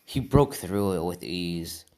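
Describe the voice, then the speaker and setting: Low, slow-talking male storyteller. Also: animated, darkish tone. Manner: rambling, loosely chained "and he says". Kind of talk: improvised fan-fiction storytelling.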